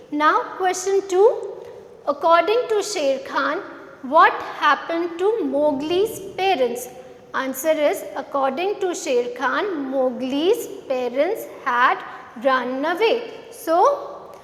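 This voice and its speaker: A woman's voice: extremely high pitch, a bit bright. A woman teacher revising a lesson with young children, spelling words letter by letter and asking simple questions. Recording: echoey room with long reverb.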